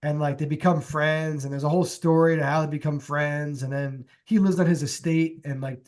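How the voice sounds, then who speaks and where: A young man co-hosting a podcast, chatting casually about movies and music in a relaxed, rambling way with plenty of fillers. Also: fairly high pitch, a little fast. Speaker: podcast co-host. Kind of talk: casual chat.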